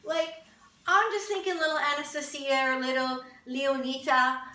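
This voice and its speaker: Canadian lady vlogging at home, high bright voice, kinda echoey and off-mic. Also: steady tone, moderate pace, far from the mic. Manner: chatty, wry, amused asides. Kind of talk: casual chat to camera.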